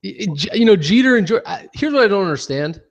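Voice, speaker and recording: A man co-hosting a sports podcast, sarcastic and quick to swear. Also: high voice, animated. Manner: sarcastic, profane. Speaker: podcast co-host. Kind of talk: casual sports talk.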